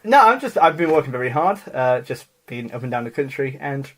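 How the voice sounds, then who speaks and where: A man's voice: mid-range voice, big pitch swings, brisk, fairly bright tone. A young man co-hosting a podcast in casual, teasing chat, often laughing. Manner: playful, teasing, prone to laughing. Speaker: podcast co-host.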